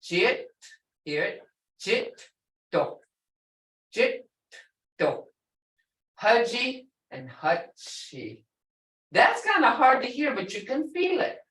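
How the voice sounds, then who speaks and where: A woman's voice: fairly high pitch, very animated, a bit bright, echoey room, far from the mic. A woman teaching an online language class, patiently repeating and drawing out each word to show its tone. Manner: slow, patient, models words by drawing out tones. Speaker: language instructor.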